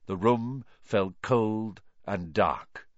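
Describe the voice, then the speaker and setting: A man reading a novel aloud as an audiobook narrator, with expressive delivery. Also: on the low side, very slow, no echo, muffled recording.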